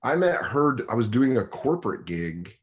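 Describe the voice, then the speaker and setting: A man's voice: medium pitch, moderate pace. A young man, a comedian guest, telling stories casually on a podcast and acting out the quotes. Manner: animated storyteller acting out quotes.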